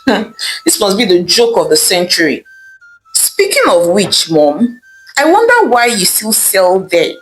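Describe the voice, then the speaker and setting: A woman's voice: medium pitch, huge pitch swings, a little slow, faint music behind, poor audio. A woman voicing a scornful young lawyer daughter, who mocks and dismisses what she hears. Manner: mocking, dismissive, laughing.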